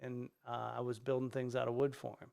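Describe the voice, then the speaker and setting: A man, a stand-up comedian, telling a casual story on a podcast, animated and swearing freely as he acts out the people in it. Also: medium pitch, a little fast, vocal fry. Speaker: guest comedian. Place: podcast studio.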